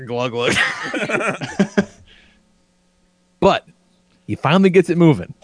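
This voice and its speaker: A man's voice: fairly high pitch, sing-song, a little slow, long pauses, dry recording. A man co-hosting a podcast, telling a story with profanity and frequent laughter. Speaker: podcast co-host. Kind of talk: animated storytelling.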